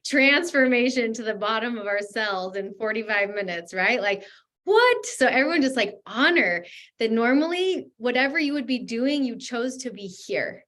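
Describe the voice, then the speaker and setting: A woman's voice: fairly high pitch, lively intonation, moderate pace. A woman hosting a video call, gushing with thanks and then leading a guided breathing exercise. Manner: effusive, gushing, softly spoken. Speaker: host. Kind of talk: closing remarks and guided breathing.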